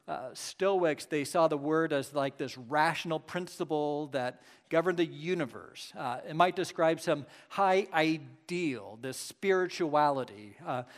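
A man preaching a Christmas sermon, reading scripture slowly and talking to the congregation in a casual, conversational way with rhetorical questions. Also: on the high side. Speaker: pastor.

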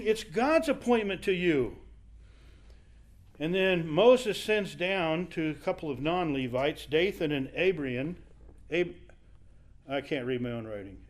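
A man with a notably high voice preaching through a Bible story. He keeps it conversational and acts out the people he quotes as he retells it. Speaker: Bible teacher. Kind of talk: sermon.

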